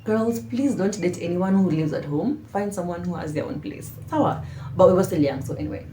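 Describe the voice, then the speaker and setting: A woman vlogger telling a storytime tale to camera in a casual, slangy way, dramatic and animated, dropping into hushed asides. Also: lowish voice, brisk, a little hiss or hum. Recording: roomy echo.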